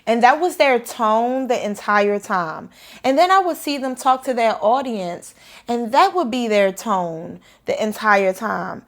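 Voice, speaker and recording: A woman meditation teacher talking casually to camera in a vlog, energetic and fired up about life. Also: a little high, unhurried. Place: indoors after the gym.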